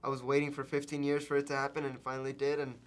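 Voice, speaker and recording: A man's voice: medium pitch, monotone, rapid-fire. A young male actor in an interview, speaking eagerly about his big break.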